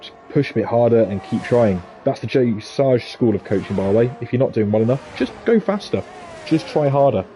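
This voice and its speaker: A man with a Scouse accent commentating a sim racing league, excitable and jokey. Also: brisk, soft background music. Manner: excitable and jokey, pitch leaping on big moments. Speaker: race commentator.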